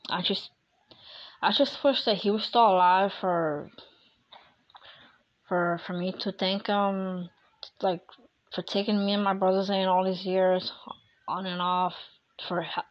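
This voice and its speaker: Emotional single mom on a lo-fi podcast. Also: female voice, on the low side. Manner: emotional, halting, many fillers and restarts. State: crying. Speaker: podcast host. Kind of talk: personal podcast monologue.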